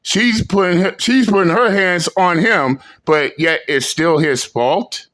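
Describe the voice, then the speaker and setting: A man hosting a reaction video, talking slowly and emphatically in a profane, ranting commentary. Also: high voice, fairly bright tone. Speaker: channel host reacting to clips.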